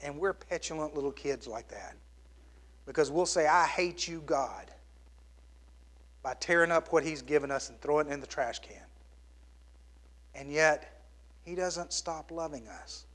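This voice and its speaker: A middle-aged man preaching a sermon as pastor, swinging from loud exclamations down to hushed, near-whispered lines. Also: a little high, normal speed, pauses often.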